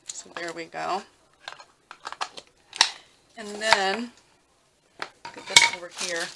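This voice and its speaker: Woman, lowish voice, unhurried, chatty and rambling, craft tutorial, noisy recording with clicks. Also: steady tone, gravelly. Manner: chatty, rambling, thinks out loud with fillers. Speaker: crafting vlogger. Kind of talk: casual craft tutorial chat.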